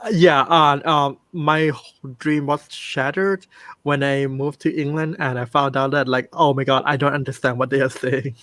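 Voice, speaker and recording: A man with a Thai accent talks in a loose, halting way, often stopping with "um" to find his words. His voice sits at a middle pitch and sounds close and dry, with little room around it. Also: steady tone, a bit bright, dry recording. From Thailand. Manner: hesitant, many ums and restarts. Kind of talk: casual chat.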